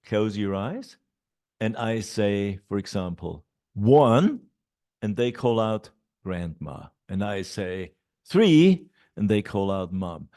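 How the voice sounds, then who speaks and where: Man, middle-aged, teacher trainer, slow delivery, animated pitch, lots of ums. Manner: explains classroom steps slowly, with many fillers and repeated et ceteras. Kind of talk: online teacher training talk.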